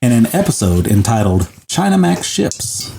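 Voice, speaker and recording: A man's voice: medium pitch, sing-song, moderate pace, creaky, darkish tone, slight background noise. A man hosting a casual podcast who reads a story dramatically and jokes with his co-hosts. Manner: joking, dramatic when reading. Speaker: podcast host. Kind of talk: casual chat and story reading.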